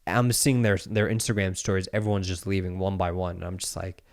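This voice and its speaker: A man in his thirties hosts a podcast, his low voice moving a little fast as he casually tells a story. He's an animated storyteller who acts out the quoted voices and swears along the way.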